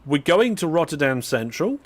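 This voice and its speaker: Young UK man, chatty live-stream gamer, talks to viewers mid-game, relaxed and rambling. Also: fairly high pitch, normal speed. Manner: chatty, talks to viewers while playing, frequent fillers and restarts. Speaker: streamer driving a train simulator. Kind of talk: casual live-stream commentary.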